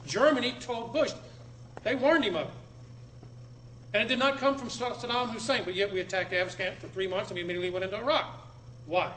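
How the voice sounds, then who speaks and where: Guy with a high voice giving a talk to a room full of people, emphatic, repeats himself a lot. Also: fast talker, pauses often, slight background noise. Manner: emphatic, repeats words, swings from loud to low. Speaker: speaker addressing an audience. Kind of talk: public talk. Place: room with a live audience.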